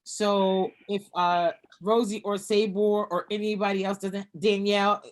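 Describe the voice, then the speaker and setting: A woman's voice: mid-range voice, little pitch movement, measured pace. A woman moderating a video call, speaking in an upbeat, encouraging way. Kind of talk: casual meeting talk.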